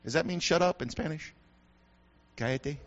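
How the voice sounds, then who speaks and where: Animated preacher with a bright, high voice. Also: male voice, normal speed. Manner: animated, builds to shouting, joking asides. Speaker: pastor. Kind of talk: sermon. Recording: dull lo-fi sound.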